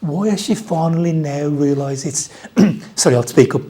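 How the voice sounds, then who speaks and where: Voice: medium pitch, moderate pace, warm tone. An Australian preacher giving an Easter sermon in a church, conversational, repeating key phrases and joking with the congregation.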